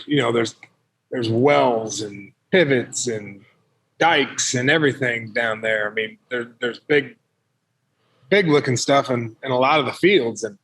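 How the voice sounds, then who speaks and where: A man who owns a hunting lodge, answering interview questions in a measured way, often repeating words as he thinks. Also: medium pitch, fairly bright tone, poor audio. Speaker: hunting lodge owner, guest.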